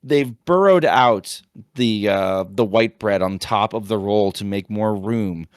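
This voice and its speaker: A man's voice: lowish voice, slow pace, clean tone, no echo. Rambling man telling a story, dry sound. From United States. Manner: rambling animated storytelling with many restarts. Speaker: podcast co-host, high school teacher. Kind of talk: casual chat.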